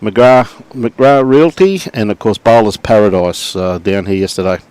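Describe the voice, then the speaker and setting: A middle-aged man with an Australian accent calls a lawn bowls match live in an easygoing, chatty way. His voice sits a little low. Between shots he greets viewers by name. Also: unhurried, darkish tone, clear, resonant tone, no room sound. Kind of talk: live sports commentary and chat to viewers.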